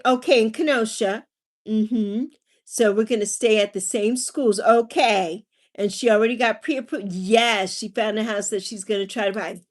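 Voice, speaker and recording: A woman in her forties hosting a casual livestream, chatting with viewers and telling family stories. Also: a little high. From Virgin Islands. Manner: chatty, warm with viewers, drifting into personal stories. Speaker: livestream host. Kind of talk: casual livestream chat, reading viewer comments.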